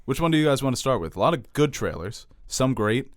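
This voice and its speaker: A man's voice: mid-range voice, very animated, a little fast, dry recording. A man co-hosting a podcast in casual, wisecracking chat. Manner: wisecracking, teasing. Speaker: podcast co-host.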